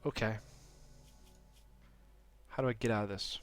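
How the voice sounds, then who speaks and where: A man's voice: lowish voice, steady tone, unhurried, faint music behind. A man streaming a card game, giving casual commentary and reading card texts aloud. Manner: muttering, reading cards aloud.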